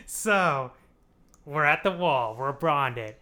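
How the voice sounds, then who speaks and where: A young man hosting a podcast, casually recapping a TV show, rambling and laughing often as he acts out characters in quick asides. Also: on the high side, sharp tone. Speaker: podcast host explaining a TV show.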